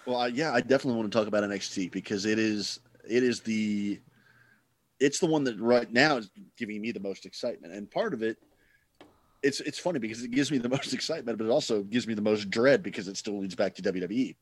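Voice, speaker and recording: A man co-hosting a podcast, talking in a rambling way that keeps restarting, with a gloomy outlook. His voice sits a little low. The sound is dry and close. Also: fast talker, no echo. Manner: rambling, self-interrupting, gloomy. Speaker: podcast co-host. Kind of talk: casual chat.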